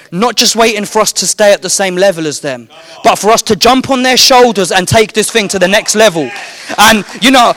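A man's voice: sits high, a bit bright, no echo. A man, a street evangelist giving a fervent, rambling personal testimony full of fillers.

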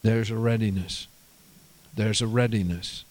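A man preaching a sermon, telling stories with bursts of loud, rising emphasis and quieter asides. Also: fairly low pitch, unhurried. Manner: animated storytelling, rises to shouts and drops to quiet asides.

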